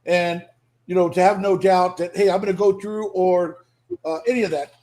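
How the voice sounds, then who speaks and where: A man's voice: high voice, fairly even intonation, normal speed, a little mellow. An American man hosting a podcast, asking a long question hesitantly while he searches for words. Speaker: podcast host.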